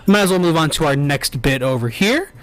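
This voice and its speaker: A man's voice: on the high side, expressive, brisk, no room sound. A man hosting a comedy live stream, bantering in a mock-earnest, theatrical way. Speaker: host.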